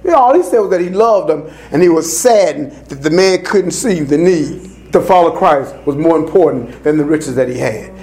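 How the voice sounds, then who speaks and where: A man preaching a sermon, building from calm teaching to shouted call-and-response passages. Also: a little high, normal speed, hardly any pauses.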